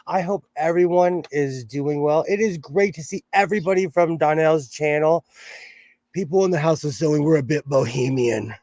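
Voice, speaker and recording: Brief: cheerful West Coast man, livestream host, a bit high, dry close sound. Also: darkish tone, dry recording. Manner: upbeat, greets viewers by name. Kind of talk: casual livestream chat.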